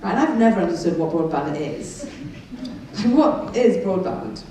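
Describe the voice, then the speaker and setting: A woman's voice: on the low side, very animated, moderate pace, warm tone, a little hiss or hum. Cheeky woman doing stand-up in an echoey hall. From Wales. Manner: chatty, cheeky, teasing the crowd. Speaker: stand-up comedian. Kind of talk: live stand-up set. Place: concert hall with a laughing audience. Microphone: venue recording taken from the audience. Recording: distant echoey hall audience recording.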